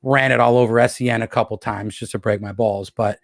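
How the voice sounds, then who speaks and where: A man's voice: on the low side, steady tone, fairly quick, gravelly, no echo, clean studio sound. A man from Rochester, New York, a podcast guest, telling long profane stories and acting out what others said. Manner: profane, anecdotal, acts out quoted voices. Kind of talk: casual storytelling.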